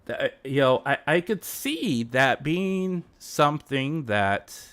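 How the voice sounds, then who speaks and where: A male streamer talks in an unhurried, stammering way, often tripping over and repeating his words. His pitch swings widely up and down, giving the talk an animated, expressive lift. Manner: drops to a whisper for acted bits. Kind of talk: live stream commentary.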